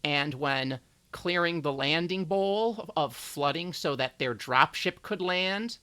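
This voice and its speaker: A game master running a tabletop game on a live stream, relaxed and halting, with many fillers. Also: medium pitch, smooth, dry recording.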